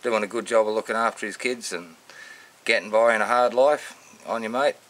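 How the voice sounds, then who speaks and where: A man with an Australian accent giving casual, unscripted shout-outs in a matey, rambling way full of slang. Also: fairly low pitch, fairly even intonation, normal speed. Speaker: vlogger.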